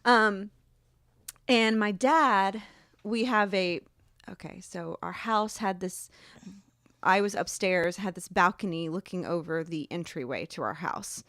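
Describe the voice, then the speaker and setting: A woman's voice: medium pitch, unhurried, a bit bright, no room sound, clean studio sound. A woman from Alabama, co-hosting a podcast, telling a rambling story in casual chat and laughing often. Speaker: podcast co-host.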